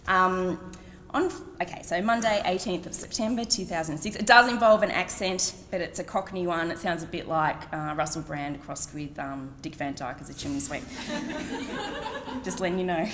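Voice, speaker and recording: There's a little hiss or hum as a middle-aged Australian woman, the author, reads her blog at a book event. Her voice is lowish and a bit bright at a normal pace, and she mocks herself wryly, laughing between phrases as the hall echoes long.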